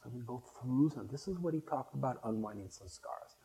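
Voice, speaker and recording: Animated and a little fast, this older man speaks in a dark, medium-pitched voice over poor audio. Addressing a spiritual gathering, he reminisces in a rambling, anecdotal way with frequent restarts.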